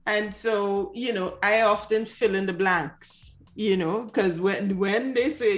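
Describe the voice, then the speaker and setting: A woman's voice: mid-range voice, slow, hardly any pauses. Conversational female co-host, explaining. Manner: explanatory, acts out quoted remarks. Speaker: podcast co-host. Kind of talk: casual conversation.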